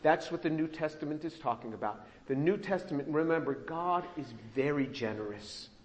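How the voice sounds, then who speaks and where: A male pastor giving a sermon, expressive and acting out the scripture he reads. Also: a little high, moderate pace. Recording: long hall reverb.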